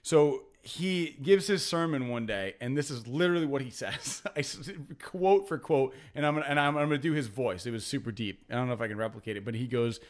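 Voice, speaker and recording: A man's voice: mid-range voice, fairly quick, hardly any pauses. A young adult man hosting a podcast, telling a rambling story in casual banter with lots of fillers and restarts. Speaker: podcast host.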